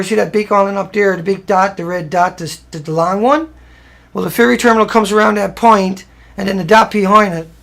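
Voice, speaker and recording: A man's voice: high voice, vocal fry, a bit bright. A man talking casually over a slideshow of photos, rambling in a plain-spoken way and often restarting his sentences. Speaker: presenter walking viewers through photos.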